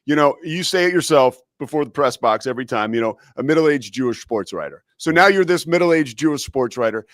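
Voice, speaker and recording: A male talk show host interviewing a guest casually, halting and repeating words, enthusiastic. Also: mid-range voice, animated, no room sound, studio quality.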